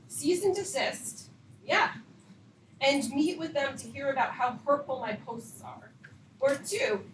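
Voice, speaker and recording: A woman's voice: high-pitched, a bit bright. A middle-aged woman, a parent, giving a public comment at a school board meeting and speaking emotionally and confrontationally. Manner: emotional, confrontational, rising intensity. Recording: echoey meeting room, distant mic, hiss.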